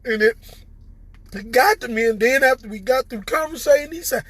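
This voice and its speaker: Tearful Southern man, voice cracking high. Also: lively intonation, a bit bright. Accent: Southern American. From Southern United States. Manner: halting, repeats words, stammering. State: tearful, voice breaking. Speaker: recovered patient addressing viewers. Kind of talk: emotional personal testimony.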